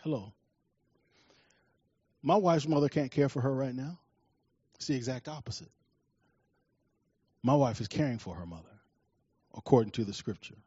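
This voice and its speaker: A man from Washington, D.C. preaching a sermon, telling personal stories with lively acted-out scenes and dropping to a soft, quiet tone when he reflects. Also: mid-range voice, moderate pace, long pauses, husky, no echo, highs cut off. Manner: animated storytelling, acts out scenes loudly.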